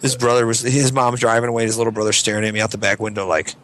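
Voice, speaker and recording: A man's voice: flat delivery, very fast, fairly bright tone. A man co-hosting a casual chat, telling a long story and acting out the other people's lines. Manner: rambling storyteller who acts out quotes in shrill voices. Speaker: podcast co-host.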